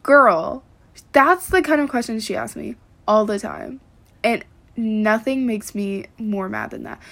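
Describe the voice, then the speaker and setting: A woman's voice: a little high, fairly bright tone. A woman ranting casually to the camera, exasperated and swearing freely, with lots of "like" fillers. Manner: profane, exasperated, many "like" fillers. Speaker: vlogger.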